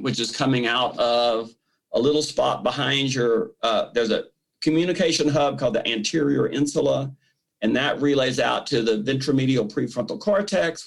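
A man, a misophonia therapist, explains treatment in an interview, speaking in a lively way and acting out inner voices in quotes. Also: medium pitch, gravelly, low-quality recording. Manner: animated, acts out the brain's voice in quotes.

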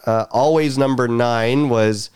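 Male podcast co-host, smooth clear voice, mid pitch, upbeat casual chat. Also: takes it slowly, a little mellow.

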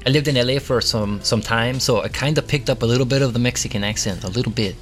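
A man's voice: mid-range voice, fast, fairly bright tone, soft background music. A man co-hosting a casual podcast chat in a laid-back, teasing way. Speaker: podcast co-host.

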